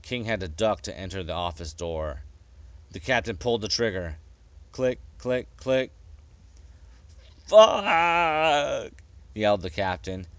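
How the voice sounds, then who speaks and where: A man reading his own story aloud in a plain, unhurried way with small stumbles. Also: low-pitched, no room sound, dull audio. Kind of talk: casual audiobook reading.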